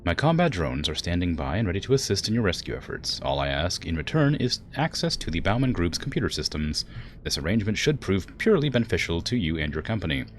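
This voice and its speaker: A man doing Mother Bear, smooth English-accented AI. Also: sits low, very animated, fast, a little hiss or hum. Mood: calm formal. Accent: put-on generic English accent. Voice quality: smooth, precise, formal. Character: ancient male AI weapons platform, calm and formal. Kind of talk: reading game dialogue aloud.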